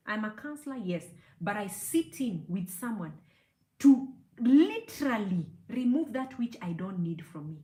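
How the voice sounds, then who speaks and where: A woman's voice: mid-range voice, sing-song, a little slow, mellow. A middle-aged woman counseling psychologist giving an emphatic teaching talk, dotted with "you know" and "okay?" asides. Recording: echoey room.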